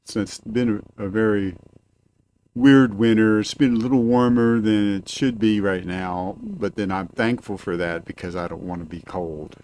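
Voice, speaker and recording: A man's voice: lowish voice, moderate pace, darkish tone, a little hiss or hum. A man hosting a live-stream radio show from a cabin, rambling casually with lots of filler and swearing. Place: cabin, indoors.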